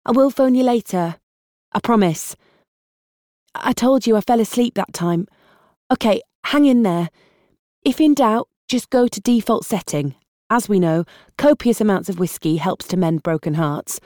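A woman reading an audiobook, voicing a harried young woman with a British accent who juggles phone calls while driving and talks in a brisk, exasperated way. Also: mid-range voice, animated, mellow, dry recording, clean studio sound, natural voice. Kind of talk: audiobook character voice.

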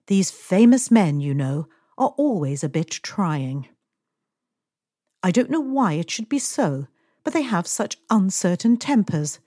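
This woman reads a little slowly in a mellow, mid-range voice with big swings in pitch, portraying a languid, fussy, well-off middle-aged lady. She complains and issues orders to her employee in a slightly imperious way, captured in clean studio sound without echo.

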